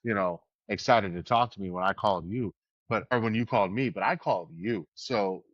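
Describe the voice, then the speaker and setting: This podcast co-host has a lowish voice and talks fairly quickly, recorded with no echo in a dull, dry, lo-fi way. In casual conversation he tells long, meandering stories peppered with laughter and swearing.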